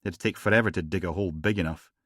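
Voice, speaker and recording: A man's voice: deep voice, fast talker, fairly bright tone, no echo, clean studio sound. A man voicing a weary, irritable male detective, blunt and exasperated, in an audiobook. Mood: grim. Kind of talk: audiobook reading.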